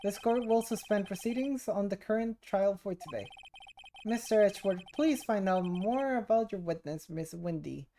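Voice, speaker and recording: A woman's voice: mid-range voice, normal speed, dark tone, a little hiss or hum, lightly acted. A woman doing a formal old judge. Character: pompous elderly male judge.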